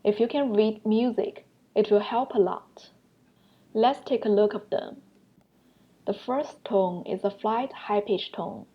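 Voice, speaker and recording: A woman's voice: mid-range voice, slow pace, lo-fi sound. Patient young woman teaching a lesson. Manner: patient, explanatory, demonstrates sounds aloud. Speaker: language teacher. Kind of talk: online language lesson.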